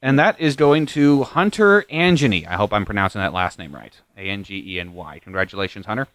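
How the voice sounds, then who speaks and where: A man's voice: fairly low pitch, brisk, no room sound. A man hosting a casual podcast, joking with his co-hosts and reading out prize winners. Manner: relaxed, joking, reads out winners. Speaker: podcast host.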